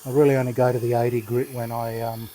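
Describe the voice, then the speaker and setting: An older man with an Australian accent chats in an easygoing, rambling way, full of good humour. His voice is mellow and dark, with a relaxed, unhurried delivery as he explains his work. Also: medium pitch, a little hiss or hum. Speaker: knife sharpening channel host. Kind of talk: casual talk while demonstrating.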